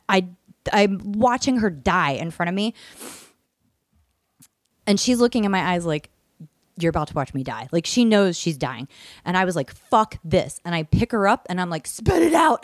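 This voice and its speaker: Woman, casual storyteller, swears a lot, medium pitch, dry close sound. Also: no echo. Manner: animated, swears freely, acts out her own screams and quotes. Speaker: podcast guest telling a story.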